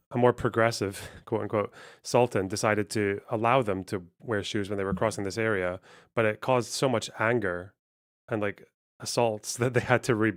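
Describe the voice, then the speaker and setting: A man giving loose, casual commentary as he reacts to clips, swearing and laughing often. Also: fairly low pitch.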